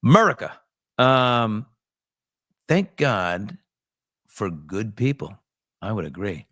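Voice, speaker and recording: Man putting on a blustering older politician, low and gruff, close and dry. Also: sing-song, slow pace, a bit bright, dry recording, full character voice. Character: brash older male politician impression.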